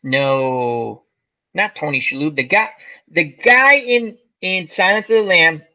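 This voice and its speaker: A man's voice: on the high side, takes it slowly, lo-fi sound. A man hosting a casual chat, telling stories animatedly and acting out the quotes. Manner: animated storyteller, acts out quotes. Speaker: host.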